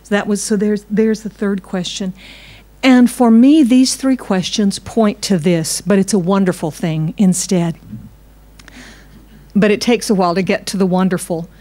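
A woman's voice: mid-range voice, unhurried, warm tone. A woman pastor, preaching a conversational sermon and putting questions to her congregation.

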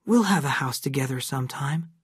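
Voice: medium pitch, lively intonation, brisk, husky, no room sound, studio quality. A reader voicing a shy, delicate young boy who talks earnestly.

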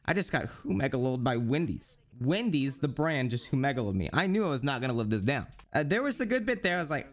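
A young man streaming live, chatting casually in profane, joking rants and now and then mimicking others in high squeaky voices. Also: sing-song, fast talker, hardly any pauses.

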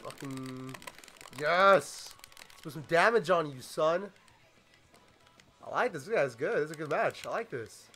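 A man playing through a video game with running commentary, excitable and foul-mouthed. His voice is high and bright, swinging from loud outbursts to muttered asides. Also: a little slow, pauses often, faint music behind. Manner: excitable, swearing, yelling at the game. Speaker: gaming YouTuber. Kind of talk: let's play commentary.

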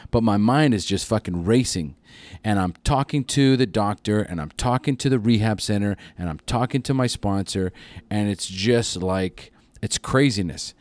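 Male podcast guest, lower register, dry close sound, profane animated storyteller. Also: no room sound. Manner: profane, animated retelling with acted-out quotes. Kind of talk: casual storytelling.

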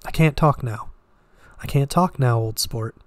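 A man reading a smooth, guarded wealthy young man who keeps his lines short and clipped. The delivery sits close to the reader's own mid-pitched voice, in a dry recording. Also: measured pace, no echo, close to an everyday voice. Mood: curt.

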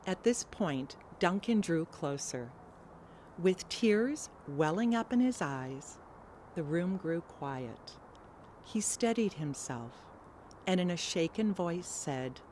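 A woman telling a personal story to a live showcase, earnest and emotional. She speaks slowly in a somewhat low voice. A faint hum sits behind her. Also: animated, darkish tone.

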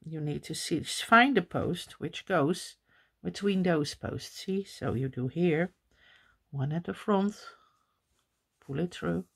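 A woman's voice: fairly low pitch, takes it slowly, creaky, a bit bright, slightly rough. A Dutch woman with a Dutch accent teaching crochet in a casual tutorial, chatting and counting stitches under her breath. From Netherlands.

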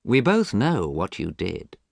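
A man's voice: fairly low pitch, wildly swooping pitch, slow, creaky, dry recording, exaggerated voice. A man voicing a desperate young man who turns cold and threatening, in an urgent, pressing way.

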